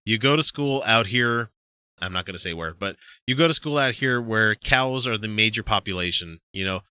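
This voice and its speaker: A man co-hosting a podcast, with a very bright, sharp voice that chats loosely, swears freely and breaks into laughter. The sound is dry, close and uncoloured by the room. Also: on the low side, normal speed, smooth, no echo. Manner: laughs often, profane, rambling. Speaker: podcast co-host. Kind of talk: casual chat.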